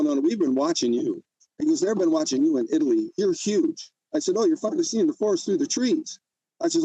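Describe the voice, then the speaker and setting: A man's voice: fairly high pitch, mellow, slightly rough, dry recording, rough recording. An older man telling his own story in an emotional interview, agitated and often repeating himself. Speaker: interview guest.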